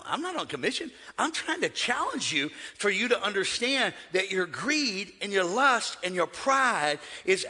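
Animated, bright-voiced preacher in a reverberant church. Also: male voice, high-pitched, slightly rough. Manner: swings between shouting and hushed asides; humorous, conversational preaching. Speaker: pastor. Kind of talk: sermon. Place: church sanctuary.

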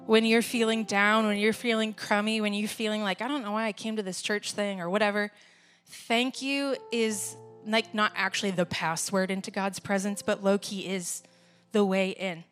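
A woman's voice: medium pitch, fairly even intonation, moderate pace, a bit bright, soft background music. A woman leading a church service, talking casually and laughing at herself. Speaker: worship leader. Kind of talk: sermon with casual asides.

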